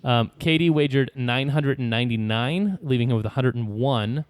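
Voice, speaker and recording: A man's voice: medium pitch, moderate pace, clean tone, no echo. A man hosting a trivia game on a podcast, reading clues aloud and laughing often. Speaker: quiz host.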